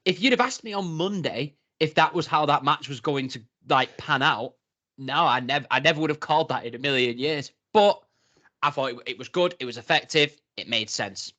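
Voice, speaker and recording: A man's voice: on the high side, moderate pace. A man co-hosting a wrestling review podcast, chatting casually and rambling with lots of restarts. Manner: rambling, hesitant, quotes people in animated voices. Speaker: podcast co-host. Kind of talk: casual chat.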